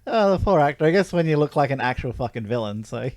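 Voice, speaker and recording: Host, casual movie chat, animated and giggly, dry sound. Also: medium pitch, fast, no room sound. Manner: chatty, laughs often, steers topics. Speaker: podcast host leading discussion.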